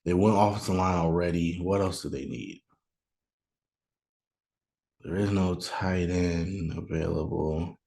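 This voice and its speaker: A man's voice: low-pitched, fairly even intonation, unhurried, creaky, pauses often, a little mellow. A man hosting a show, talking through a mock draft in a casual, think-aloud way, with bursts of joking outrage. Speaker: podcast host doing a mock draft. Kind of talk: casual solo commentary. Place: room at home, noise outside.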